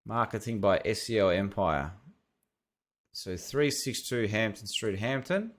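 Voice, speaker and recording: A man's voice: fairly low pitch, lively intonation, measured pace. A man with an Australian accent reviewing websites as an SEO consultant, thinking aloud in a casual, rambling way. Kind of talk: casual screen-share commentary.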